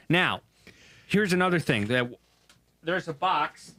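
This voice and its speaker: A man's voice: fairly high pitch, animated, slow pace, pauses often, sharp tone, dry recording. A man co-hosting a sports podcast, chatting casually and reading a card aloud. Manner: easygoing, reading aloud and joking. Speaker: podcast producer and co-host.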